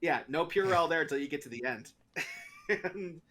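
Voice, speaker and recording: A man in casual chat, spinning an anecdote with a bright, forward voice. His pitch leaps around as he talks, and he breaks into laughter often. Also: normal speed. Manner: animated storyteller, laughs often. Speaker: podcast co-host.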